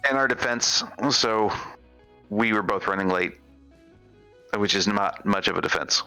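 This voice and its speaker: A man's voice: lowish voice, unhurried, pushed and bright, clean tone. A man co-hosting a live game stream, joking and self-deprecating in casual chat. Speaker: stream co-host and commentator. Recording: faint music behind.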